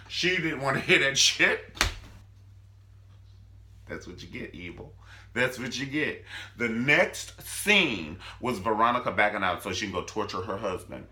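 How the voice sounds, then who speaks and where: A man's voice: lowish voice, animated, a little slow, bright, forceful tone. A man recapping a TV show for a comedic vlog, sassy, gossipy and dramatic. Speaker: TV show reviewer.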